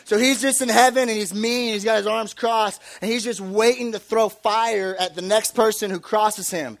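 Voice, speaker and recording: High-voiced young man preaching casually. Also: normal speed, gravelly. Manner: casual and animated, acts out little voices. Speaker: youth pastor. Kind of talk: youth sermon.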